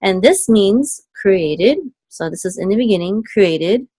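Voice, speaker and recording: A woman's voice: lively intonation, mellow, slightly rough, no echo. Patient woman tutoring in a dry room. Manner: patient, explains step by step, often checks with "okay?"; sings syllables higher and slower as examples. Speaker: Hebrew cantillation teacher. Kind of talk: casual one-on-one tutoring.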